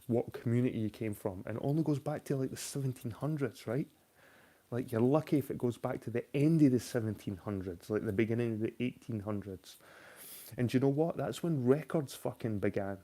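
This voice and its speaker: A man hosts a loose late-night chat stream, reading out viewer questions. He rants freely and swears often. His voice has a warm, dark tone at an ordinary middle pitch. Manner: ranting, heavy swearing; reads viewer questions aloud. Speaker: host.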